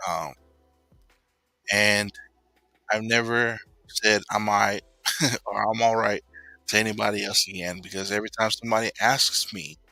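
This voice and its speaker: A man casually telling a personal story, rambling and filling pauses with "you know.". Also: lowish voice, pushed and bright, dry recording, poor audio.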